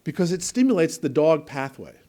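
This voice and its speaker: Man giving a lively lecture. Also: a little high, a little fast. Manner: conversational, explains with examples and asides; repeats words for emphasis. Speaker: presenter at a training event. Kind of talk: conference lecture. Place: presentation room with an audience.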